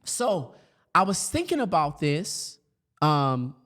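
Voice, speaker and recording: Animated man in his thirties telling a story. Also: fairly high pitch, takes it slowly. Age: 30s. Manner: animated storyteller, acts out his younger self in a raised voice. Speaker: speaker for educators. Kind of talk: storytelling keynote talk.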